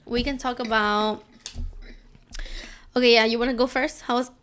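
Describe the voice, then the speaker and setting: A woman co-hosting a podcast, chatting casually, firing quick teasing questions and slipping into Spanish. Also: fairly high pitch, fairly even intonation, fairly bright tone, clean tone. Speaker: podcast co-host. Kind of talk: casual chat.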